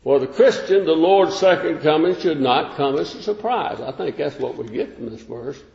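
An older American man preaching a sermon in a measured, conversational way, rising to emphatic peaks. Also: a little high, animated, creaky, darkish tone. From United States. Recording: echoey hall, dull sound.

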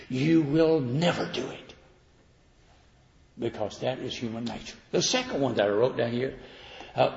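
An older man preaching a sermon in a folksy, animated storytelling manner, acting out the voices he quotes. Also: medium pitch, unhurried, vocal fry. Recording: roomy hall reverb, dull lo-fi sound.

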